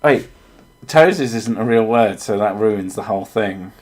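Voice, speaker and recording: A man's voice: on the low side, lively intonation, unhurried. A man from England, joking and swearing in a casual chat as a streamer. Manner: joking, swears freely, slips into silly voices.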